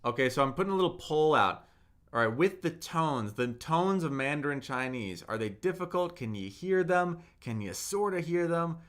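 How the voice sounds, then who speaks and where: A man's voice: fairly high pitch, animated, normal speed, a bit bright. A young man teaching Mandarin tones in a live-streamed lesson, drilling syllables aloud and checking in with viewers in the chat.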